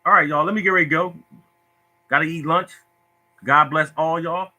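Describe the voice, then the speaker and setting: A man hosts a casual Facebook livestream from his phone about lottery tips, speaking in a preachy, repetitive, emotional way. His voice is on the high side, bright and forceful, with a steady tone at normal speed.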